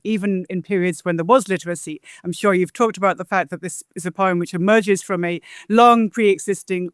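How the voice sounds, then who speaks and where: A woman's voice: mid-range voice, clean tone, dry recording, clean studio sound. A woman translator being interviewed, explaining poetic meter in a scholarly way and tapping out rhythms aloud. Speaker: translator and guest. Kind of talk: interview conversation.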